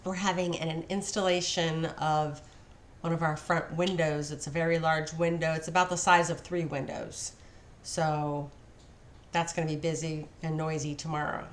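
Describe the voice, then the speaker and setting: A woman vlogger telling a casual story, chatty, acting out quoted dialogue with lively voice changes. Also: deep voice, normal speed, a little hiss or hum.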